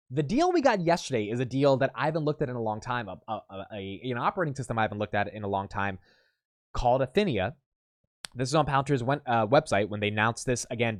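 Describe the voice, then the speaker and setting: A man hosting a daily investing show, giving casual solo commentary in an energetic, explanatory way and talking straight to the viewer. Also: medium pitch, dry recording, clean studio sound. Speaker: host of a daily stock analysis show.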